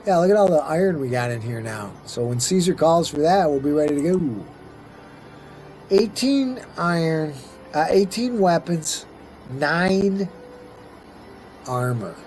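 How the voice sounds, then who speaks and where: A man's voice: on the high side, lively intonation, measured pace, long pauses, a little mellow, slight background noise. A middle-aged man casually commenting on his own strategy gameplay, rambling and talking to himself as he plays. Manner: rambling, chatty, talks to himself while playing. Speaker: let's-play host.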